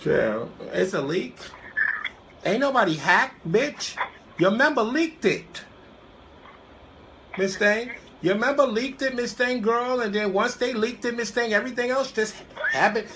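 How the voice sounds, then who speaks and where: A woman's voice: fairly high pitch, expressive, measured pace, background noise. A woman hosting an online call-in radio show, ranting brashly with heavy, repetitive cursing. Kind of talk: profane call-in radio rant.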